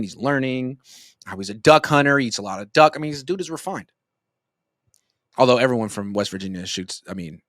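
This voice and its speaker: A man's voice: mid-range voice, fairly bright tone, dry recording, clean studio sound. A man in his thirties giving casual sports commentary as a rambling, joking storyteller. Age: 30s.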